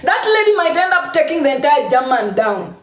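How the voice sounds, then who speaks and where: A woman's voice: high-pitched, very animated, a little fast, reverberant. A woman with a Kenyan accent talking casually on a live stream, laughing often and repeating phrases for emphasis.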